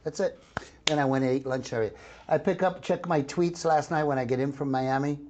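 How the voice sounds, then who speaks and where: Excitable older man rambling in interview. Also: on the high side, brisk. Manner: excitable, rambling with frequent restarts. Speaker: actor interviewed about a film. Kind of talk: casual interview.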